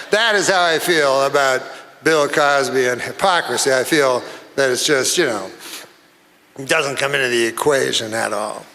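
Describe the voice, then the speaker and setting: A male stand-up comedian doing a club set, talking in a deadpan, halting way with drawn-out pauses, picked up by a handheld stage mic. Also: medium pitch, slight background noise.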